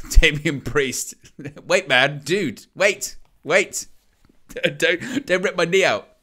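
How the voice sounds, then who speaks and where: A man's voice: fairly high pitch, very slow. A man hosting a live wrestling watch-along, calling the action with jokes and laughter. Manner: joking, excitable play-by-play with laughs.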